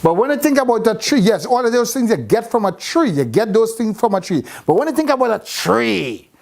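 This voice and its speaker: A woman's voice: a little high, big pitch swings, a little fast, creaky, darkish tone. A woman teaching a Bible class, repeating phrases and quizzing her students with questions. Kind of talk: interactive scripture class.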